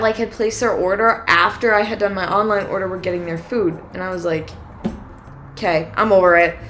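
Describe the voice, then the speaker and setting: Young woman, podcast co-host, chatty storytelling, lively quoted back-and-forth, faint music behind. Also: medium pitch. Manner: animated storyteller, acts out quoted exchanges with many "like"s. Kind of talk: casual storytelling chat.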